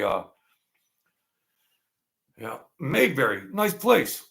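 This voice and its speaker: A middle-aged man with a gravelly voice, ranting angrily and profanely in a rambling political monologue. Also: mid-range voice, big pitch swings, measured pace, long pauses. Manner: angry, profane, rambling rant with sudden loud outbursts. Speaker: political commentary vlogger.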